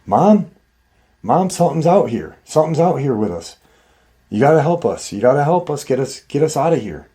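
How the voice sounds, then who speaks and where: A man's voice: a little high, sing-song, normal speed, mellow, pitched above the performer's own voice. A man voicing a frightened young boy calling out to his mother for help from the woods. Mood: panicked pleading. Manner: frantic pleading, raised voice.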